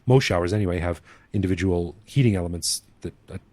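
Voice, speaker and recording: A man's voice: low voice, fast talker, a little mellow, no room sound. A man from Canada hosting a podcast, asking curious questions in a casual chat. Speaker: podcast host.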